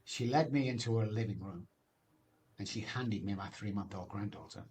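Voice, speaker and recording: A man's voice: fairly low pitch, moderate pace, a little mellow. A man, telling his recovery story as a guest in an emphatic, personal way, often ending phrases with "man". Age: 60s.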